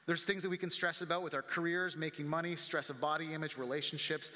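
A male pastor preaching a sermon, animated and full of rhetorical questions. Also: on the high side, quick pace. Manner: animated, acts out quoted voices, rhetorical questions. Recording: long reverb of a large hall.

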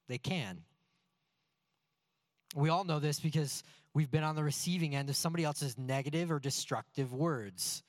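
Lively preaching man in his thirties. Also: medium pitch, no room sound, studio quality. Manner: lively storytelling with rhetorical questions. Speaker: pastor. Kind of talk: sermon.

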